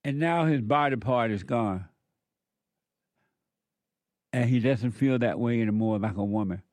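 A man's voice: medium pitch, a little slow, a little mellow, dry recording. A man giving an informal spiritual talk as a counselor, blunt and emphatic, repeating words for stress.

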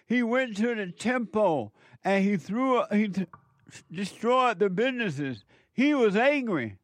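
A man imitating an excited church preacher, preaching emphatically. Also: sits high, a little slow, dry recording, pitched above the performer's own voice. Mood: fired up. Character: fired-up male church preacher.

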